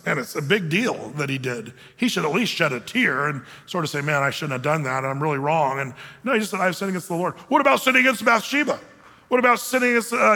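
High bright-voiced preacher in a reverberant hall. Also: male voice. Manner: conversational, animated, acts out quoted voices. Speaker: pastor. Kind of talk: sermon. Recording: long reverb of a large hall.

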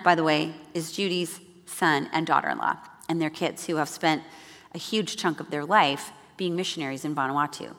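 A woman giving a devotional talk at a church gathering, telling a personal story with animated delivery and acting out the voices she quotes. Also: mid-range voice. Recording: long hall reverb.

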